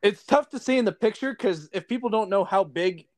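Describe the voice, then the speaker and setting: A man hosting a podcast interview, chatting casually with relaxed, short affirming replies. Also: high-pitched, a little fast, crowd noise. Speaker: podcast host.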